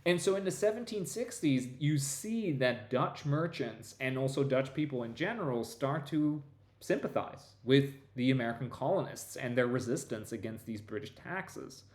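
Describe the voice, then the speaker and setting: Man, professor, conversational explanation, mid pitch, restarts and asides, echoey room. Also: lively intonation, normal speed, darkish tone. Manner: discursive, many restarts and "right?" tags. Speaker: history professor guest. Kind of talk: conversational lecture-style explanation.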